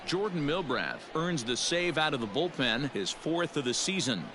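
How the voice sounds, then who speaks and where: A crisp baseball play-by-play voice from a sports game. His pitch sits slightly high and moves a lot as he calls each pitch and out. Heavy background noise runs under the game audio. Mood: brisk. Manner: brisk, lively play calling. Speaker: play-by-play announcer. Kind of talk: baseball commentary.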